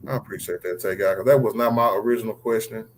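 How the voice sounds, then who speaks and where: A man's voice: fairly low pitch, fast talker, a little hiss or hum, rough recording. A man hosting a casual sports livestream, talking loosely with slang and calling on guests by name. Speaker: livestream host.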